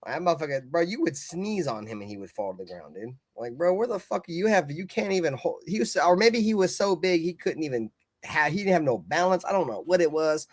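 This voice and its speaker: A high-voiced man rants like a heated sports fan, cursing constantly and lurching from loud bursts to low mutters. His voice sounds close and dry, with no room around it. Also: lively intonation, fairly quick, no room sound. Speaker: live stream host. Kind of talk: profane fan rant.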